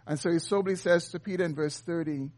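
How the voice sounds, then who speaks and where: A man's voice: fairly high pitch, steady tone, fast talker, darkish tone. A man preaching an earnest expository sermon, reading and explaining scripture. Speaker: pastor.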